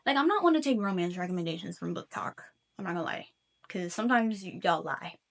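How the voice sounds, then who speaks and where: A woman's voice: on the low side, expressive, fast, creaky. A young woman talking casually to camera in a reading vlog, chatty and full of filler words. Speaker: reading vlogger.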